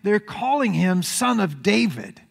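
Pastor guy preaching, high voice, big echoey church hall, really animated. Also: unhurried, creaky. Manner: animated storytelling preacher, acts out crowd shouts. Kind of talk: sermon. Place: church sanctuary.

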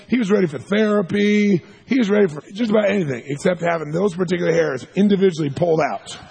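A man leads a seminar, telling a story in an animated, lively way. His voice is rough and gravelly, deeply husky, and sits a little higher than most men's. He acts out the people in his story, sometimes breaking into loud shouts. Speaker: seminar speaker. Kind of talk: storytelling lecture.

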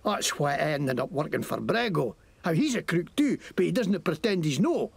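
A foul-mouthed Scottish shopkeeper and small-time crook in a video game. His gravelly voice leaps up and down as he rants. The sound is dry and close. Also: on the high side, very animated, normal speed, no echo, exaggerated voice. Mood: ranting. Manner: swearing, ranting against the law.

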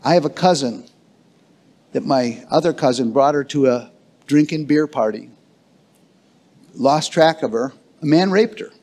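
A male pastor preaching to his congregation in a church, with a voice pitched a little high. He drives his points hard and keeps asking the room for an amen. His delivery is fervent and insistent. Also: a little slow, pauses often, a little mellow. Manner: emphatic preaching with call-and-response to the congregation. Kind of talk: sermon. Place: church sanctuary.

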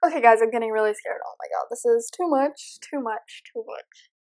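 A woman's voice: on the high side, a little fast, darkish tone. A young woman nervously commenting as she plays a horror game, chatting to her viewers. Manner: nervous, jumpy, talks to viewers. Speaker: gamer.

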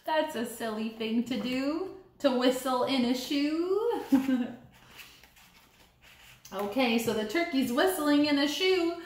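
A woman teacher reading a counting story aloud to young children in a sing-song, animated way, coaxing them to count along. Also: high voice, slow, pauses often. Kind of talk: storybook read-aloud lesson. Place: classroom or learning center room. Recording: echoey room.

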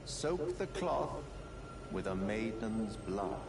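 A silky, sinister courtly knight. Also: male voice, fairly low pitch, sing-song, creaky, crowd noise, full character voice. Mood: silky, persuasive. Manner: slow, silky and ingratiating. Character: courtly sinister male knight recruiter, adult. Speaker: game character. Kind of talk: video game voice acting. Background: game music.

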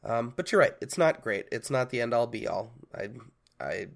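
A man's voice: mid-range voice, animated, normal speed, vocal fry. A man co-hosting a casual podcast chat, hesitant, often restarting and hedging his opinions. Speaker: guest co-host.

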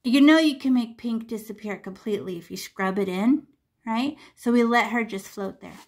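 A woman's voice: a little high, moderate pace. A woman art teacher leading a live painting class over a video call, chatty and chanting repeated words as she paints.

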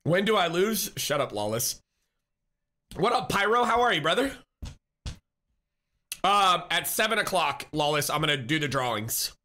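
A man's voice: on the high side, very animated, normal speed, long pauses, pushed and bright. A man live-streaming, chatting casually with viewers, reading chat, greeting people and laughing often in a teasing way.

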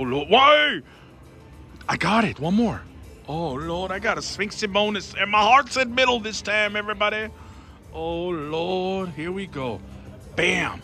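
A man giving excited running commentary on a slot machine as he plays, talking to his viewers and pleading with the machine, on a casino floor. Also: high-pitched. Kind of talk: casual live commentary while gambling. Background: casino music.

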